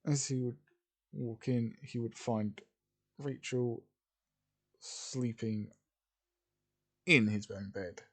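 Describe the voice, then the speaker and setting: A man's voice: medium pitch, takes it slowly, pauses often, fairly bright tone. A man narrating an improvised fan story in a rambling way, with restarts and asides.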